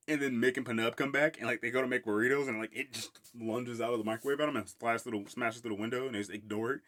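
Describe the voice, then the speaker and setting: A man's voice: fairly low pitch, fairly bright tone. A man talking through a film in a loose, rambling solo podcast, breaking into laughter again and again. He swears freely and keeps circling back on his own points. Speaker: podcast host. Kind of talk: casual solo film review.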